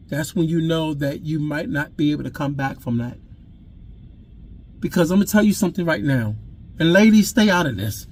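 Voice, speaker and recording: Man, high voice, husky, raw emotional storytelling, repeats himself, loud then hushed. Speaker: father telling his own story. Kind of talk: emotional personal storytelling to camera.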